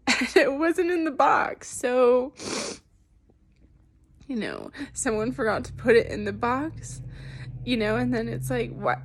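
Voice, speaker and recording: Crying woman venting in a vlog. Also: a little high. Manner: laughing through tears, rambling. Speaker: vlogger. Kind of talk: tearful confessional vlog.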